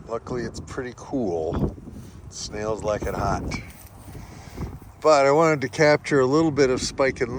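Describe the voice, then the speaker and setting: A man, a sheep farmer, chatting relaxed in a casual farm vlog outside in a pasture, talking to his animals, recorded on a handheld camera. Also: medium pitch. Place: outdoor pasture among solar panels. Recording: noisy outdoor recording.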